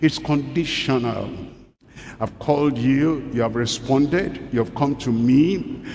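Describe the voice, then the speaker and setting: A man preaching a sermon, reading scripture slowly with deliberate pauses. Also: darkish tone. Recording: hall reverb, faint rumble.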